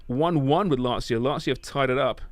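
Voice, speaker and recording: A man co-hosting a casual football watch party, teasing with deadpan jokes and running through the scores. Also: mid-range voice, fairly quick. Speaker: co-host.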